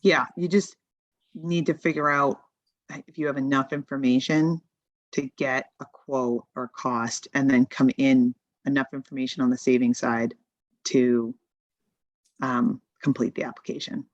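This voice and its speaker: A woman's voice: rumbling low, steady tone, measured pace, no echo, highs cut off. A woman advising a town committee in a meeting, explaining options in a practical, think-aloud way over remote-call audio. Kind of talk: meeting discussion.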